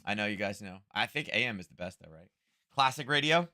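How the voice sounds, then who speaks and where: A slightly hoarse man hosting a trading livestream from home, talking casually and thinking aloud into a close microphone. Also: on the low side, expressive, fast, sharp tone. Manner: rambling, thinking aloud, chuckling asides. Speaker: trading stream host. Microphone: close-up desk microphone.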